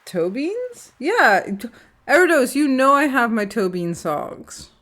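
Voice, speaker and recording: Slow-talking British woman streamer, swearing. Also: high-pitched, big pitch swings, fairly bright tone. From Britain. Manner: swears often, laughs between lines. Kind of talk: casual gaming stream banter.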